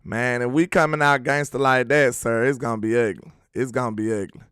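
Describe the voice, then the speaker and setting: A man's voice: mid-range voice, fairly even intonation, fairly quick, a bit bright, clear, resonant tone, no room sound, studio quality, faint music behind. A man hosting a casual sports talk livestream, reading viewer comments and riffing on them in emphatic slang. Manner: slangy and emphatic, worked up about his team. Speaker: sports talk show host.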